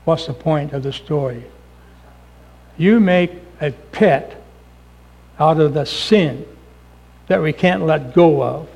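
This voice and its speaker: A man preacher telling a story in a sermon, dropping his voice low for emphasis. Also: takes it slowly, gravelly, long pauses, a little mellow, breathy edge, rough recording.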